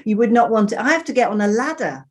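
A woman's voice: fairly high pitch, lively intonation, quick pace. A middle-aged woman vicar from Bristol, chatting casually and poking fun at herself. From Bristol, England. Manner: self-deprecating, laughs easily. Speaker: vicar, guest. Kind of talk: casual interview chat.

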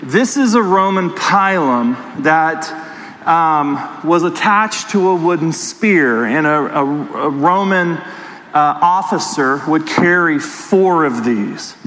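A pastor delivering a sermon with an animated personal story, talking straight to his congregation. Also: fairly high pitch, takes it slowly, big-room sound, a little hiss or hum, low-quality recording.

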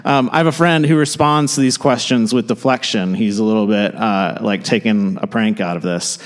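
A man preaching a sermon in a casual, conversational way, with quick asides and restarts. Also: lowish voice, long reverb tail. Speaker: pastor. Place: church sanctuary.

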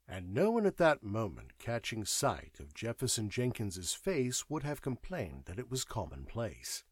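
Male audiobook narrator, expressive measured reading, very lively pitch, dry booth sound. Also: dry recording. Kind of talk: scripted narration.

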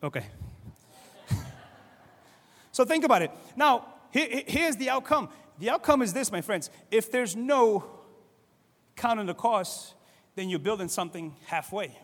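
A male pastor from Cape Verde, preaching in a lively, conversational way and often asking "right?", swinging between loud and soft. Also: sits high, unhurried, pauses often, long reverb tail. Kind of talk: sermon.

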